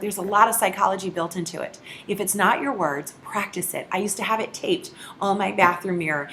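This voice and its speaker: A woman giving a sales training talk, acting out both sides of phone calls in a lively way. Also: medium pitch, a little hiss or hum.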